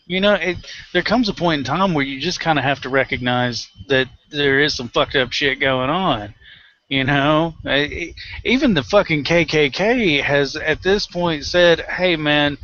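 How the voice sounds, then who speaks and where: A man's voice: fairly high pitch, moderate pace, pushed and bright, no room sound, dull audio. A man co-hosting a talk show, ranting bluntly about politics with heavy swearing and acted-out dialogues. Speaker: podcast co-host. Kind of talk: profane political rant.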